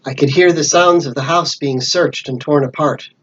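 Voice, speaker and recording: A man reading a classic adventure book aloud as storyteller, with lively character voices. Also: on the high side, normal speed, muffled recording.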